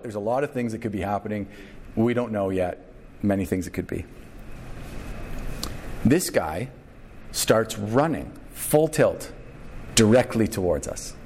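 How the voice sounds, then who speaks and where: A man preaching a sermon, telling a story with lively acted-out quotes. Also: fairly low pitch, slight background noise. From Canada. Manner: animated storyteller, acts out quotes. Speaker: pastor.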